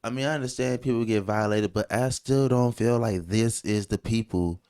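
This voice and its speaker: A man co-hosting a casual podcast, talking in an animated, jokey, rambling way with many restarts. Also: lowish voice, normal speed, clear, resonant tone. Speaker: co-host.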